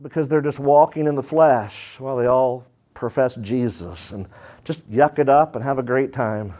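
A man preaching a sermon to his congregation, animated and folksy, jumping between loud bursts and low asides and slipping into quick voices to act out the people he talks about. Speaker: pastor.

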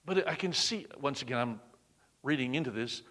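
A man preaching a sermon, swinging between loud emphatic bursts and hushed, near-whispered lines. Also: mid-range voice, animated, normal speed.

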